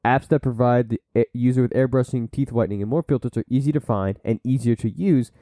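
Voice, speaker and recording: A man's voice: mid-range voice, fast talker, warm tone, dry recording. A man hosting a solo podcast, reading from sources and breaking off into blunt asides and silly put-on voices. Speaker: podcast host.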